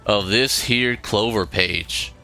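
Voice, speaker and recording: A man reading aloud the lines of a folksy old male village sheriff, slow and halting. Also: lowish voice, gravelly, pushed and bright, faint music behind, heavily acted. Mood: friendly. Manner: slow, halting read-aloud of game dialogue.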